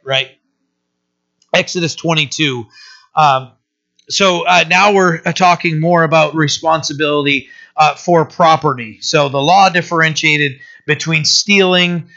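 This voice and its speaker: A man's voice: on the high side, normal speed, sharp tone. A man teaching a Bible passage in a casual, conversational way, often checking in with "right?". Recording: dull lo-fi sermon recording.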